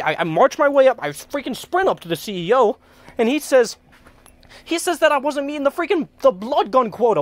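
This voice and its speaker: A man's voice: extremely high pitch, animated, brisk, no echo. A young man giving a comedic rant to camera, stammering and repeating himself, worked up, swearing and exasperated. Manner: stammering, frequently repeating words. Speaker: comedy web video creator.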